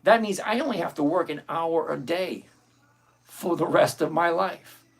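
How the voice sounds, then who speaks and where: Male livestream host, middle-aged, gravelly, slightly raised pitch; blunt, animated, chatty with viewers. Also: unhurried. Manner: blunt and animated, thinks aloud, greets viewers by name. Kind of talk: live options-trading stream, reading viewer requests.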